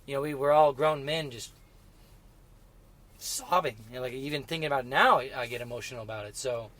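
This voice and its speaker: Middle-aged guy rambling through old racing stories, lots of restarts and you-knows, gets choked up, ordinary pitch. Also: sharp tone. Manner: halting, many restarts and fillers, emotional when recalling. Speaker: guest. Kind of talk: casual interview chat.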